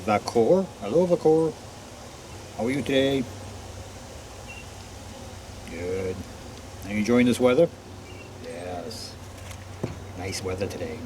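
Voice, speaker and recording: A man vlogging outdoors in a forest, greeting unseen listeners one by one and answering for them in a quieter voice. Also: on the low side, slight background noise. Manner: greets each name, then answers himself in a quieter voice. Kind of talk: casual talk to unseen listeners.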